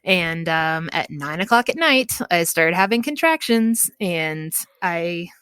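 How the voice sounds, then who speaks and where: A woman with a slightly low voice tells her birth story in relaxed, chatty podcast talk. She laughs easily as she goes and slips into the voices of the people in the story. The sound is dry, with no room around it. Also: takes it slowly, smooth, no echo. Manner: lively storyteller, laughs often, acts out quoted people. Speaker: podcast guest. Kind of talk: casual chat, telling a birth story.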